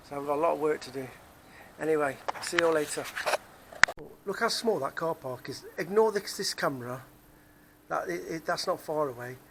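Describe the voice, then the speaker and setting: There's a little hiss or hum on this recording of a man with a fairly high, fairly bright voice. A Nottingham-accented Englishman, he rambles to camera in a casual vlog monologue, repeating himself, while standing outdoors near a car park.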